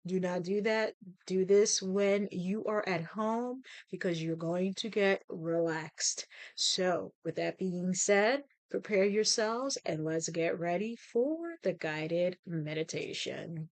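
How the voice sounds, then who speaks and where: A woman leading a guided meditation, speaking in a gentle, soothing, instructive way. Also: medium pitch, dry recording. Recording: music playing behind the voice. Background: new-age music.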